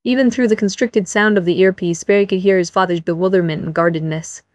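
A woman narrating a novel as an audiobook in an even storytelling manner. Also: on the low side, quick pace, no echo.

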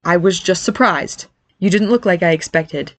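A woman reading the part of a calm, measured, reserved middle-aged father in a storybook. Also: fairly low pitch, no room sound, lightly acted.

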